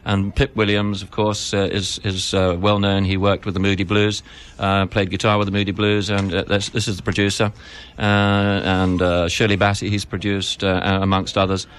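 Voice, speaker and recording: A man's voice: fairly low pitch, level tone, moderate pace, few pauses, a bit bright, clear, resonant tone. A middle-aged British man, guest on a radio talk show, telling stories with many restarts. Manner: rambling, full of restarts and acted-out anecdotes. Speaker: guest, stage show creator. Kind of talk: casual radio interview chat.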